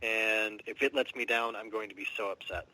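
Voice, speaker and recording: A man's voice: on the low side, fairly even intonation, moderate pace, sharp tone, rough recording. A man co-hosting a podcast in casual chat, speaking with enthusiasm and emphasis. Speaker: podcast co-host.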